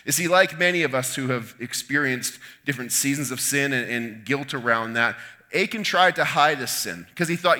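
A man preaching a sermon, retelling a Bible story in an animated way with asides to his listeners. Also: medium pitch, normal speed.

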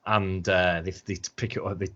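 A man's voice: deep voice, flat delivery, moderate pace, sharp tone. A man co-hosting a podcast in a casual, mocking, sweary chat, often laughing. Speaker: podcast co-host. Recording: dull lo-fi sound.

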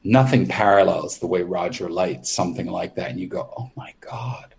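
A man speaks as a podcast guest, telling stories from his career in an open, loose way. His voice sits low, and his sentences often restart before he finds his point. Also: fairly even intonation, brisk, creaky, a little mellow. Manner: candid, rambling with frequent restarts. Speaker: makeup artist guest. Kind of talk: casual interview storytelling.

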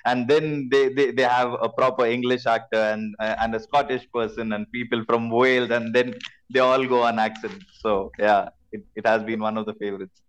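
A man's voice: mid-range voice, steady tone, normal speed, rough recording. Eager man, guest on a call. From India. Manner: eager, repeats words, chuckles. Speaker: podcast guest. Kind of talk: casual remote interview.

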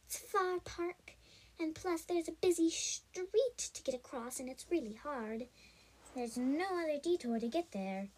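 A woman doing a high, eager little park critter. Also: lively intonation, measured pace, darkish tone. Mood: friendly.

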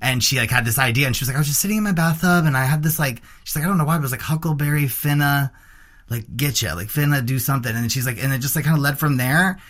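A male interview host talks quickly and eagerly. He has a bright, forceful voice at a middle pitch and keeps the conversation casual.

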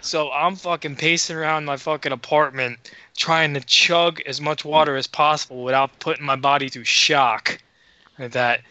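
A man tells a story on a podcast, voicing the people in it and swearing freely. His voice is bright and forceful. The recording is dull and dry. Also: on the high side, moderate pace, no echo. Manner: animated, profane, acts out dialogue. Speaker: podcast co-host. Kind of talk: casual storytelling.

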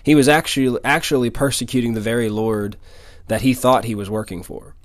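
A man's voice: mid-range voice, fairly even intonation, a little fast, dry recording. A young man from Louisiana delivers a sermon, moving between scripture and his own story. He repeats key lines for emphasis, and his mid-range voice sits close and dry, with no room sound. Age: 20s. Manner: earnest storytelling, emphatic repetition. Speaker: preacher. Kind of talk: sermon with personal testimony.

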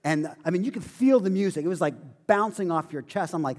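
A male pastor preaching a sermon, telling a story with animated, self-deprecating humor. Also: high voice, a little fast.

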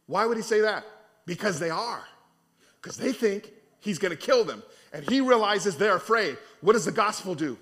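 A man preaching a conversational sermon in an animated, colloquial way. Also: high voice, moderate pace.

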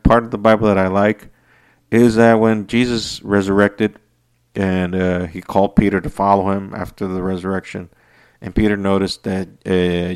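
A man hosting a podcast, delivering an unscripted, profane rant that swings between heated outbursts and low muttering. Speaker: podcast host. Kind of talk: unscripted ranting monologue.

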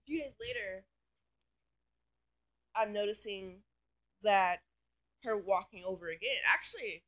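A woman's voice: mid-range voice, bright, forceful tone. A woman telling a story in a casual, rambling rant, full of fillers and swearing. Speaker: vlogger.

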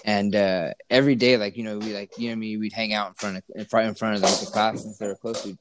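A man's voice: lowish voice, little pitch movement, fast, noisy background. Rambling young man telling a story. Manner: rambling, lots of fillers and restarts, teasing. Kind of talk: casual storytelling banter.

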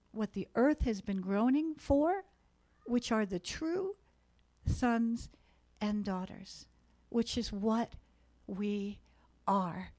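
A woman's voice: medium pitch, darkish tone. A woman preaching a sermon in a church meeting room, earnest and exhorting as she speaks to the room.

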